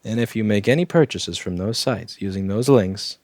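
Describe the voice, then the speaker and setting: A man with a fairly low, slightly mellow voice and a little sore throat speaks at normal speed while hosting a live electronics repair walkthrough. He cracks jokes and makes offhand asides as he works, answering chat along the way.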